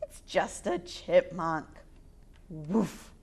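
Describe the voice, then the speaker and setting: A woman hosting storytime, reading picture books aloud to children in an expressive, sing-song way. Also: mid-range voice, slow. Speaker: storytime reader.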